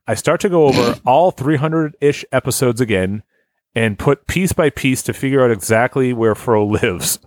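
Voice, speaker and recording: A man's voice: mid-range voice, normal speed, dry recording. Guy reading a crude fan story on a podcast, keeps cracking up, dry close sound. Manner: laughs while reading, stumbles over words. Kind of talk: casual chat, reading aloud.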